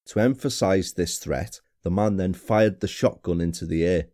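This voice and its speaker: A man hosting a podcast, telling a true-crime story in a measured, somber way. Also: deep voice, warm tone. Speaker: podcast host. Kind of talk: scripted true-crime narration.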